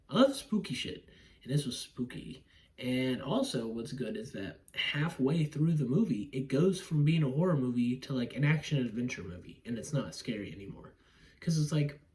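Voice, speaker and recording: A man's voice: medium pitch, darkish tone. Rambling, profane man reviewing movies. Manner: rambling, profane, laughs often, acts out scenes. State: yawning, drowsy. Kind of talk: casual movie review monologue.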